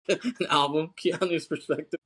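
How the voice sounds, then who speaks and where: A man's voice: a little high, steady tone, a little slow, a bit bright. Laid-back, slangy man on a podcast. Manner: laid-back, slangy, swears, laughs often. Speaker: podcast co-host. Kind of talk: casual film chat.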